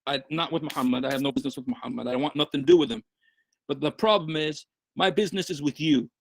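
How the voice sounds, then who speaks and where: Fast, high-voiced man preaching in a dry room. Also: gravelly. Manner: switches between English and Arabic, emphatic and repetitive. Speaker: Christian broadcaster answering commenters. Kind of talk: direct-to-camera preaching address.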